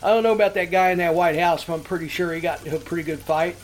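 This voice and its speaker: A man's voice: a little high, rapid-fire, slight background noise. A middle-aged man hosting a show, rambling through profane stories with laughs. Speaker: podcast host. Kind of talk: casual storytelling.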